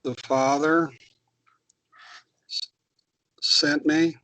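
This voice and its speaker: Slow careful male student. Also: fairly high pitch, little pitch movement, fairly bright tone, dry recording, poor audio. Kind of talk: reading and translating in class.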